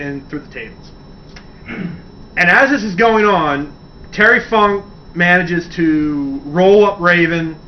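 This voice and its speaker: A man hosting a radio segment, chatting enthusiastically and rambling, swearing casually as he tells a story. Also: a little high. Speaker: radio show host. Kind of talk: casual wrestling talk segment. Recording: distant dull mic with faint hiss.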